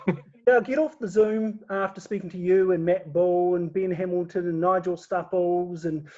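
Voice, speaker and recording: High-voiced guy chatting, keeps restarting words, muffled lo-fi sound. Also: fairly even intonation, moderate pace, darkish tone. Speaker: guest. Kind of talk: casual chat.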